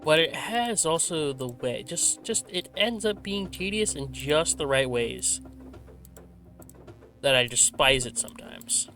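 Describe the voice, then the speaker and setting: Male gaming vlogger, fairly high bright voice, loose rambling talk with a slight stutter, faint music underneath. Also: expressive, measured pace. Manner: rambling, self-correcting, frequent restarts. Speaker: gaming channel host. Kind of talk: laid-back rambling commentary while playing. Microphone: desk microphone with a simple filter.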